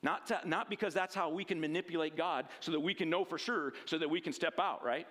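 A man's voice: high-pitched, fast, few pauses. Casual man teaching the Bible. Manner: casual, animated, frequent tag questions and restarts.

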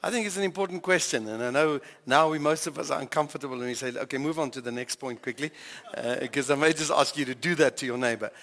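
A man's voice: mid-range voice, fast talker, fairly bright tone, big-room sound. An older man and grandfather, preaching a conversational sermon with many questions to his congregation. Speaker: pastor.

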